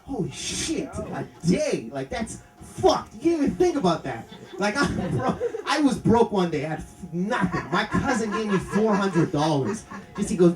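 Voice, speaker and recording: A man performs a stand-up set in a club, his pitch leaping about as he rants and shouts. He is picked up from some distance, with a packed audience laughing loudly all around him. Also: brisk. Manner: excitable, ranting, swings from mumbling to shouting. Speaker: stand-up comedian. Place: comedy club. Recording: distant mic in a loud laughing crowd.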